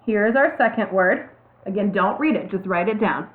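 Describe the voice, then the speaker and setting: A woman teacher walking through a reading lesson slowly, step by step, spelling out letters. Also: medium pitch, lively intonation. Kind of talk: classroom video lesson. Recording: tinny phone-like audio.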